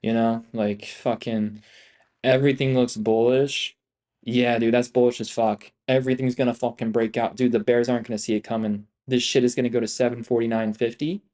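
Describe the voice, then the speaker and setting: A young man trades live for his audience, speaking a little fast in a medium-pitched, slightly mellow voice with flat delivery. Even so, his words are hyped and profane, slang-heavy and repetitive, peppered with "bro" and "guys."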